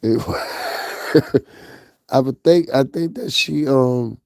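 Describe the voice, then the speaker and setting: A man's voice: medium pitch, drawn-out words, creaky, darkish tone, dry recording, clean studio sound. A man with a Northeastern US accent doing blunt, profane casual gossip commentary, talking straight to his viewers. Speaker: commentary vlogger.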